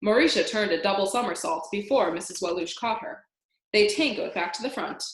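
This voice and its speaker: A woman reading a children's book aloud, animated and singing out the sound effects. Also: mid-range voice, fairly quick. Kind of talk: read-aloud storytelling. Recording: roomy echo.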